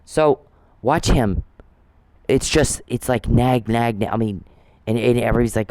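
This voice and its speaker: A man's voice: medium pitch, moderate pace, long pauses, darkish tone, dry recording, poor audio. A man giving casual ranting commentary, profane and repetitive, often restarting his sentences. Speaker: commentator on a dispute.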